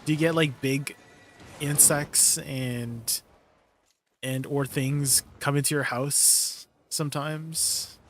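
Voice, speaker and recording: A man's voice: medium pitch, fairly even intonation, slow pace, slight background noise. A man streaming live and chatting casually with his viewers, laid-back and laughing often. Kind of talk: casual livestream chat with viewers.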